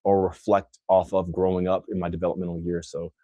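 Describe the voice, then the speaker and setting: Low-voiced man with an odd mixed accent. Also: level tone, fairly quick, dark tone, no echo, highs cut off. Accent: own mixed accent, not Texan. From Texas. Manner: loose, rambling, many fillers and restarts. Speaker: livestream host answering viewer questions. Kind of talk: casual live Q&A.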